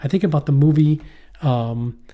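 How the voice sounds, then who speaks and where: A man's voice: a little high, moderate pace, mellow. A middle-aged man co-hosting a podcast in casual chat, rambling and profane, often trailing off and restarting. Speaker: podcast co-host. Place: poorly heated shack.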